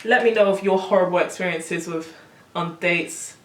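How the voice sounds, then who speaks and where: A young woman telling a story on her vlog, animated and exasperated, full of slang. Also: on the low side, normal speed, far from the mic. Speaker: vlogger. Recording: roomy, camera set back.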